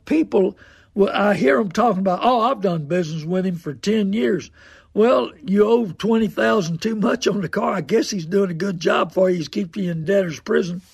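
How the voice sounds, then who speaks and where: An older man with a high, gravelly voice that has a husky edge. He talks in a folksy, preachy way, hammering points home by saying them again and again. The sound is close and dry, with no room around it. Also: dry recording. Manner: folksy, preachy, repeats phrases for emphasis. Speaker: radio host and car dealer. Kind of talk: folksy on-air monologue.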